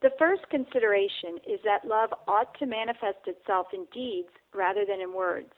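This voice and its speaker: Woman reading reflections, phone-like sound. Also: medium pitch. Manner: calm, measured, addressing the listener. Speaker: reader.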